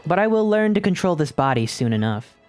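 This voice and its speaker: A man voicing an imperious ancient female demon queen, slow and commanding. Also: on the high side, sing-song, darkish tone, faint music behind, pitched above the performer's own voice.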